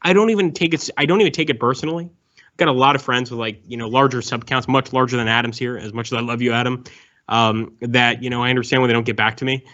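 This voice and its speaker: A man chatting as a stream guest, excitable and rambling, full of crude teasing. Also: mid-range voice, fast. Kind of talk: casual chat. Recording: dull lo-fi audio.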